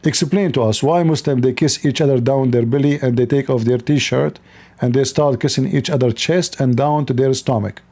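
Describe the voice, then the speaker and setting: A man's voice: medium pitch, moderate pace, a little mellow. A man hosting an online debate call, mocking and interrupting his guest and often repeating his words. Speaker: debate host.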